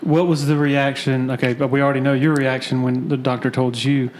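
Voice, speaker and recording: A man's voice: medium pitch, flat delivery, fairly quick, a little hiss or hum. A man hosting a podcast, asking brief, friendly prompting questions. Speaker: podcast host. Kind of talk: interview questions.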